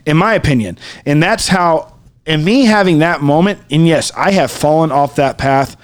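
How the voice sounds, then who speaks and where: A man's voice: fairly high pitch, normal speed. A man co-hosting a podcast, telling a personal story in a rambling, casual way full of "like" and "dude", turning earnest and reflective. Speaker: podcast co-host.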